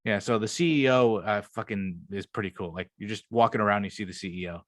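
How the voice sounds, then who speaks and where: A man's voice: fairly low pitch, fast talker, no room sound, clean studio sound. A young man co-hosting a podcast, talking in a loose, rambling way and swearing often. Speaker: podcast co-host. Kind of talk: casual chat.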